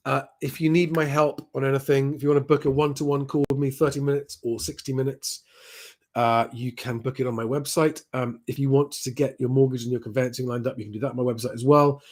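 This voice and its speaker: A man hosting a live property Q&A, reading out viewer comments and answering them in a chatty, plain-spoken way with frequent ums. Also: on the high side. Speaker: property advice host.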